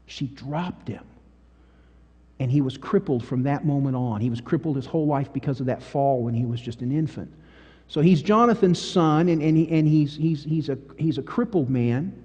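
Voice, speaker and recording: A man's voice: a little high, moderate pace, slightly rough, dull audio. Emphatic male pastor, sermon delivery, reverberant sanctuary sound. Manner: emphatic, animated storytelling with big swings in volume. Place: church sanctuary. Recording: long church-hall reverb.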